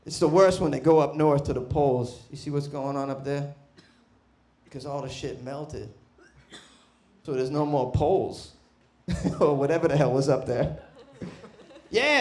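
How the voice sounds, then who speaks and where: A man doing a stand-up comedy set, brash and profane, bursting into loud shouts. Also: a little high. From Boston. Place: comedy club stage.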